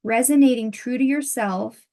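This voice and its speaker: Softly halting woman channeling a reading. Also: on the high side. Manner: soft, halting, with many pauses and fillers. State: losing her voice. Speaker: tarot reader.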